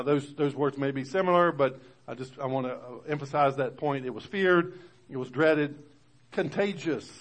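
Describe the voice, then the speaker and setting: A male pastor gives a conversational sermon to his congregation. Whenever he reads scripture aloud, his voice grows louder and higher.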